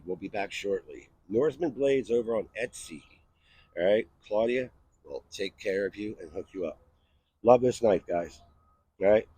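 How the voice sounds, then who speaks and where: A man's voice: on the low side, breathy edge, dry recording, low-quality recording. A middle-aged man from the USA hosting a casual knife review vlog outdoors, chatty and rambling, often tossing in "right?" and "all right". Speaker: knife channel host. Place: outdoors in the cold.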